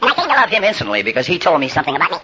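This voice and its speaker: A man's voice: a little high, huge pitch swings, very fast, bright, forceful tone. An older man speaking at a recovery workshop, telling humorous stories that build to punchlines, with blunt, salty language. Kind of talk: storytelling talk at a recovery workshop.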